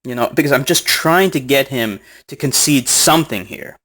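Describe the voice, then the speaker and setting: A man's voice: mid-range voice, moderate pace, fairly bright tone. A man recounting an online argument in casual commentary, mocking, sarcastic and profane, often breaking into laughs, recorded on a smartphone.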